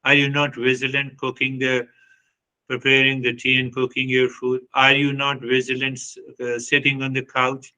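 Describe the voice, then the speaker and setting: Earnest man giving a spiritual talk, bright forceful voice, keeps repeating himself. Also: medium pitch, level tone, a little slow, lo-fi sound. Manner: earnest, repetitive, with short laughs and acted quotes. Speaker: spiritual teacher.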